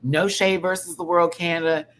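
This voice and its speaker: A man's voice: fairly high pitch, normal speed, a little hiss or hum, low-quality recording. Sassy, profane man hosting a chat show. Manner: sassy, profane, rambling and animated. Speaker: podcast host. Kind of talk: casual pop-culture chat.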